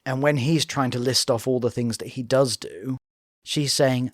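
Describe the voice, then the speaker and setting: Male co-host, analytical, middle pitch, dead dry mic. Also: lively intonation, normal speed, no echo. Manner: analytical, mimics voices in quotes. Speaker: co-host reacting to reality TV. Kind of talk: casual reaction chat.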